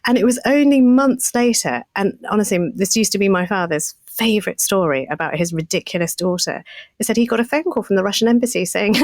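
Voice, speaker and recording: A woman in her fifties, a podcast co-host, telling a story in a casual, animated, self-mocking way and laughing often. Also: medium pitch, brisk, no room sound.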